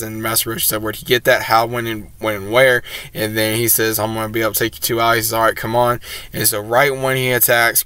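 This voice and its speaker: A man's voice: on the low side, sharp tone, clean tone, no room sound. A man reviewing an anime episode, retelling it in a rambling, casual way with many fillers.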